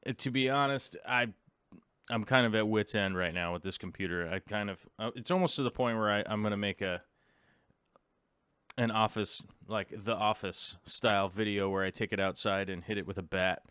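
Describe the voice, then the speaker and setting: A man's voice: fairly low pitch, moderate pace, bright, forceful tone, clear, resonant tone, dry recording, clean studio sound. A tired, jet-lagged man hosting a casual live stream from home, rambling and restarting his sentences as he greets viewers. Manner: rambling, restarts often, chats with viewers and dog.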